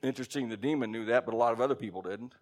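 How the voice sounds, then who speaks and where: A man preaching a sermon and reading scripture, with emphatic stresses, sudden quiet drops and conversational asides to his congregation. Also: racing. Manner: emphatic, swinging between loud stresses and low quiet drops. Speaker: pastor.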